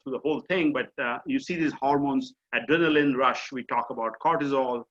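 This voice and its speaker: Bright-voiced Indian man coaching on a video call. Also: mid-range voice, fairly quick. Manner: conversational, explanatory, frequent fillers. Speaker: mindfulness coach. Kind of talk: online course session. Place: home or office on a video call. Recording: dull lo-fi video call audio.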